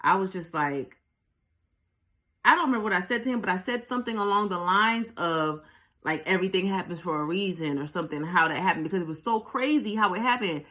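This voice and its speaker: A woman's voice: mid-range voice, expressive, a little fast, bright, forceful tone. New woman doing a storytime vlog, cusses a lot, talks right to the viewers. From New York. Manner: candid, profane, talks straight to viewers. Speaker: vlogger. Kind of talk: storytime monologue.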